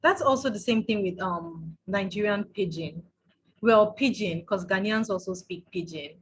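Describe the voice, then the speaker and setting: A woman's voice: medium pitch, moderate pace, husky, low-quality recording. A woman hosting a book club chat. She talks casually and chattily and laughs easily. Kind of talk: casual conversation.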